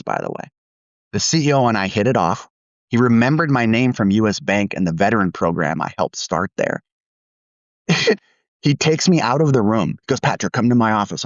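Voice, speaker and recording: A candid, self-deprecating man tells a workplace story in a low voice, laughing now and then as he goes. The sound is dull and dry, with a slightly lo-fi feel. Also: lively intonation, brisk, no echo. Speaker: podcast co-host. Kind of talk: storytelling podcast chat.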